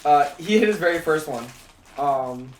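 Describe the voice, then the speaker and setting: Brief: young male podcast co-host, slightly high voice, rambling loud delivery, echoey room with faint noise. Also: expressive, moderate pace. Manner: loud, rambling, laughs a lot. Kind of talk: casual sports chat.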